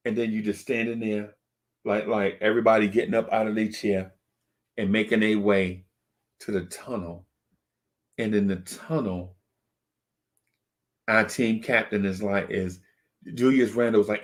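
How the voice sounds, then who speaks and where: A man's voice: fairly low pitch, a little slow, pauses often. A man hosting a fan video channel, telling a story to build hype and asking "right?" again and again. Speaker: YouTube channel host.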